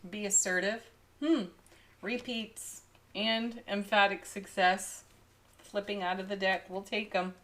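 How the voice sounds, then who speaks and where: A woman reading tarot cards at an unhurried, leisurely pace, her voice pitched in an ordinary middle range. She often breaks into small giggles and gushes over the cards. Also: fairly even intonation. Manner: frequent giggles, warm enthusiastic exclamations. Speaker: tarot reader. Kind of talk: daily tarot card reading.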